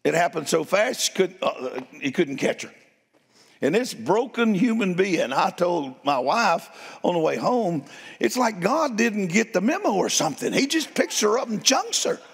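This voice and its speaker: An older man, preaching a sermon and telling stories in a folksy, playful way, with a gravelly, husky voice. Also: high voice, big pitch swings, measured pace. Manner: folksy, playful, addresses crowd as y'all. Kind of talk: sermon storytelling. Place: church sanctuary. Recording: long hall reverb.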